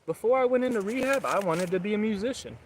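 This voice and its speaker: A young man with a high, expressive voice talks fast while vlogging outside in a public place, a bit of hiss or hum in the audio. He rambles earnestly about his recovery and cheers his viewers on in a loose motivational chat.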